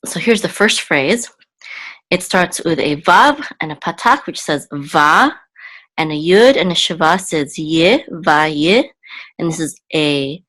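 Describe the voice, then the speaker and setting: This is a slow, step-by-step Hebrew reading lesson led by a woman teacher who patiently breaks words into syllables. Her low voice has a fairly bright tone, and the audio is poor.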